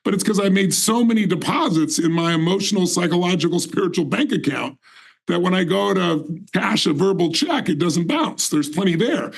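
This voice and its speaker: Gravelly man in his sixties, emphatic. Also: high-pitched, low-quality recording. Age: 60s. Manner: emphatic, intense, certain. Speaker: guest. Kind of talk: motivational storytelling in conversation.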